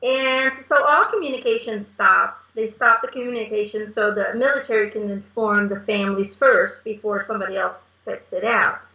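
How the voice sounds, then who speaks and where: A woman's voice: medium pitch, normal speed, hardly any pauses, bright, forceful tone. A woman being interviewed as a medium, telling chatty stories and laughing often. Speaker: guest medium. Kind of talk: casual interview chat. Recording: echoey, dull lo-fi recording.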